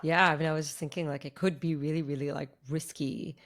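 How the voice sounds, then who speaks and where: A podcast host at a middle pitch asks a guest thoughtful follow-up questions. The talk is conversational and curious. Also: fairly even intonation, fast talker, fairly bright tone. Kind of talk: interview questions.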